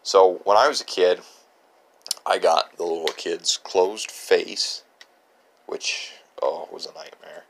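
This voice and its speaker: A young man with a deep, gravelly voice gives a casual tour of his home workshop. He wanders from item to item, rambling into stories and chuckling along the way. His voice has a low, creaky rasp. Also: fairly even intonation, slow, long pauses, a little hiss or hum. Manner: rambling storyteller with frequent chuckles. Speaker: channel host.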